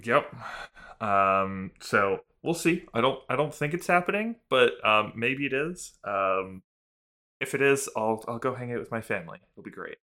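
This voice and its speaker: A man's voice: mid-range voice, expressive, unhurried, sharp tone. A man chatting casually on a podcast, rambling with lots of ums. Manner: rambling with many fillers. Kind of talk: casual chat.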